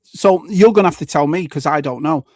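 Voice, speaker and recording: A man's voice: on the high side, a little fast, a little mellow, no room sound. A man co-hosting a casual livestream chat, chatty and full of questions for his co-host. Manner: chatty, asks lots of questions. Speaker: co-host of a toy collectors livestream.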